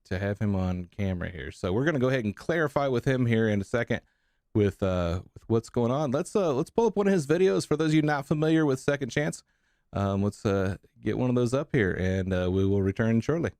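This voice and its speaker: A man hosts a live-streamed podcast at an ordinary mid pitch. He halts often and fills gaps with "uh". The recording is dry. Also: lively intonation, a little fast, a little mellow, dry recording. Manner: hesitant, many fillers. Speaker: podcast host.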